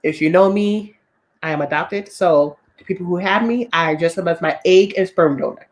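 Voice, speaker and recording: A woman's voice: lowish voice, normal speed. A woman from Boston with a Boston accent and a slight Southern drawl, co-hosting a casual chat and telling candid stories, acting out other people's lines as she goes. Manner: candid, animated storyteller acting out quoted voices. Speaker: podcast co-host.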